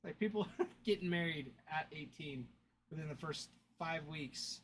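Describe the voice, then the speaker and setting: A young man talks casually while running a card-opening livestream, chatting and thanking viewers. His voice sits a bit high. A faint hum of room sound stays behind him. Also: moderate pace, a bit bright. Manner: chatty storyteller, laughs often, thanks viewers. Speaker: card break livestream host.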